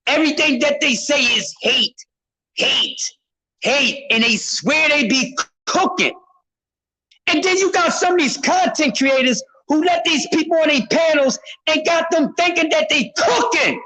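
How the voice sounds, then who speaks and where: Loud high-voiced man ranting, profane. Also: a little slow, poor audio. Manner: loud, profane, repetitive, often shouting; speaks to a chat member by name. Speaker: boxing commentary streamer. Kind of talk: heated live-stream rant.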